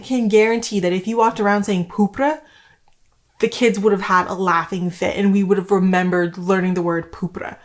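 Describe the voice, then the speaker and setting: A woman's voice: mid-range voice, steady tone, moderate pace. A woman from Canada, in her thirties, talking casually to camera about homeschooling, rambling with many fillers. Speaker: homeschooling vlogger.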